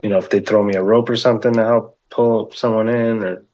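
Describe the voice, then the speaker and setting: Hesitant low-voiced player. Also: male voice, steady tone, fairly quick, darkish tone, highs cut off. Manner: hesitant, stumbling. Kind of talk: tabletop game banter.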